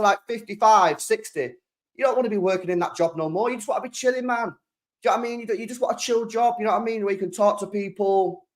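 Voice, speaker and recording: A young man with a British accent hosts a casual live stream, chatting excitably in slang and circling back to the same points. His voice sits high for a man. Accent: British English. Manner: excitable, slangy, repeats himself. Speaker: football channel host.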